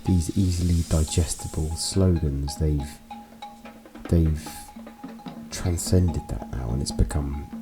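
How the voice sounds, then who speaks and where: A man with an extremely deep, low voice talks through a casual political monologue. He wanders between points with wry, dry asides. Music plays clearly behind him. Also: slow. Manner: musing, digressive, wry asides. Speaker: political commentary host.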